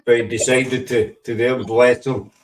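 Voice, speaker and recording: A man's voice: medium pitch, level tone, normal speed. A man with a Scottish accent hosting a podcast in a teasing, playful, chatty way. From Scotland. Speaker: podcast host. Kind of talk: casual chat. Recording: voice distant from the mic.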